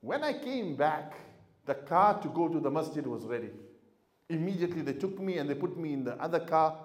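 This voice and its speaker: Imam guy preaching, fairly high voice, echoey room, goes quiet then loud. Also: sing-song, a little fast. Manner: storytelling, swings from quiet to loud emphasis. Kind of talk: sermon to a congregation.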